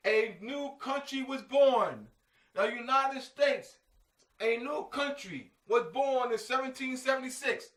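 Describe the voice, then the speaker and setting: A man's voice: extremely high pitch, sharp tone, voice pushed up. A man putting on the voice of a proud, cheering patriotic American, drawn out in exaggerated sing-song mockery. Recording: echoey room, mic at a distance.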